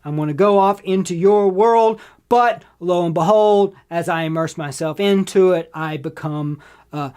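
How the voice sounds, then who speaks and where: Woman podcast host ranting about movies, swears a lot, repeats stuff for emphasis, mid pitch. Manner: profane, emphatic, repeats lines for effect. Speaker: podcast host and film reviewer. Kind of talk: casual ranting review.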